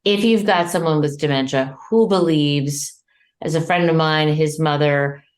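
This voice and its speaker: A woman's voice: low voice, measured pace. A woman hosting an interview podcast, summing up what her guest says and asking long, searching questions. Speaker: podcast host. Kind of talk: interview conversation.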